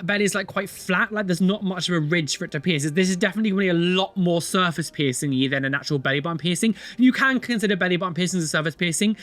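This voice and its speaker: A man doing reaction commentary as a vlogger, animated and dramatic, with gasps and blunt, scolding remarks. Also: sits high.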